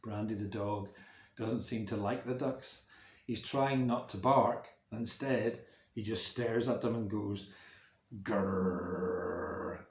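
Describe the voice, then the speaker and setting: A male music teacher reading a story to schoolchildren, acting out the sounds with expression, recorded in a room at home. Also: on the low side. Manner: slow, expressive, making sound effects for kids. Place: room at home near a main road, window open. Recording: roomy echo.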